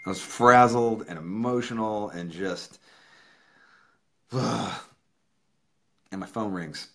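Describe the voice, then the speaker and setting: A man's voice: lowish voice, unhurried, bright, forceful tone. A man hosting his own livestream, telling an emotional story in a casual, profane way. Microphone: webcam or phone.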